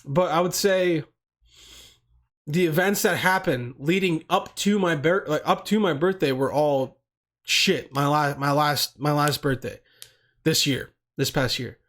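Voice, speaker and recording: A man's voice: a little high, measured pace, a bit bright. A young man hosting a podcast on his own, rambling in loose, profane casual talk full of slang. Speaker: podcast host.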